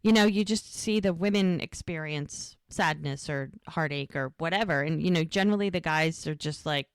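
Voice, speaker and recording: Chatty low-voiced woman podcaster. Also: clear, resonant tone, no echo, clean studio sound. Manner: chatty, emphatic, recounts scenes with quick quoted dialogue. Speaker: podcast co-host. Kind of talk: casual rewatch podcast chat, recapping scenes.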